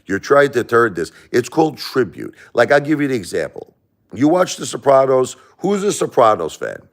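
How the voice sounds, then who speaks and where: A man with an East Coast American accent hosting a casual live stream from his home, talking emphatically and repeating himself. He has been sick for a few days and swings between loud protest and soft blessings. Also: mid-range voice, animated, normal speed. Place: at home by a Christmas tree.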